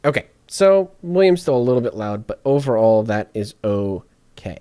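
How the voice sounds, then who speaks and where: A man walking through podcast audio editing out loud, chatty and joking to himself as he works. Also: mid-range voice, big pitch swings, normal speed. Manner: chatty, jokey asides while working. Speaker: podcast editor streaming his editing session. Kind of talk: casual on-screen tutorial talk.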